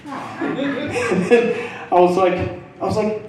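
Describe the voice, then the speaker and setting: Young guy doing standup on stage, lots of swearing, slightly high voice, really echoey room, mic kinda far. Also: moderate pace. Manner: profane, animated, acts out characters. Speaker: stand-up comedian. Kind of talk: stand-up storytelling. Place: comedy club stage. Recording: echoey room from a distance, faint noise.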